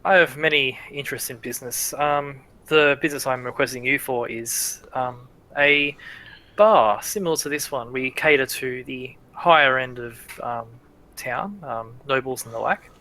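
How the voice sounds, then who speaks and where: A man voicing a flattering, deceitful male noble businessman who talks in a courtly, hesitant way. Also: medium pitch, moderate pace, low-quality recording. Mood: smooth flattery. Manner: courtly, hesitant with many ums.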